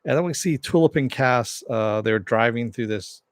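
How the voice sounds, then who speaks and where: A man's voice: mid-range voice, moderate pace, no echo, clean studio sound. A man casually recapping and reviewing a TV episode, rambling with many fillers and restarts. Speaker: TV show reviewer.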